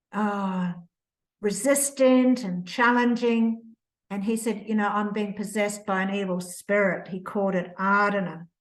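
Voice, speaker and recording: Slow-spoken older New woman. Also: mid-range voice, low-quality recording. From New Zealand. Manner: slow, reflective, emotional retelling with restarts. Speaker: author, interview guest. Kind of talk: personal storytelling.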